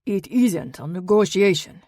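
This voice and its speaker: A woman's voice: mid-range voice, animated, measured pace, dark tone, no echo, studio quality. A woman reading an audiobook, voicing a menacing male crime boss with a growling Eastern European accent. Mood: demanding. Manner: growling, cold, leering.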